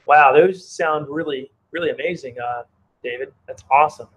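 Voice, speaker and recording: A man's voice: a little high, normal speed, a bit bright, low-quality recording. Chatty man live-streaming outdoors. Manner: chatty, reads chat aloud, rambling. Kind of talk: casual live-stream chat. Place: outdoors in the cold.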